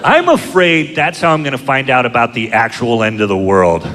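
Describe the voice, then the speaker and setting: A middle-aged man doing a stand-up comedy set, telling crude, self-mocking stories in a deadpan way, recorded live in a comedy club. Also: medium pitch, normal speed. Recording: live club show, long hall reverb, audience noise. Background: audience laughter.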